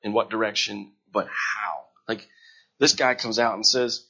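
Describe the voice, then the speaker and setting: A man, a missionary, tells his story to a gathered audience in a halting, earnest, emotional way, repeating words when moved. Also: lowish voice, steady tone, sharp tone, slightly rough. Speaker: missionary sharing his testimony. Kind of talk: emotional personal testimony to a gathering. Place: room before a gathered audience. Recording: dull lo-fi recording.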